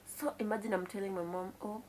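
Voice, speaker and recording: A woman's voice: mid-range voice, fairly even intonation, quick pace, darkish tone. Kenyan woman, young adult, casual storytime vlog, confiding chatty tone, swahili exclamations, faint background hiss. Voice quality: mixes in Swahili words and exclaims "kai" often. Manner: confiding, chatty retelling to viewers. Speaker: vlogger.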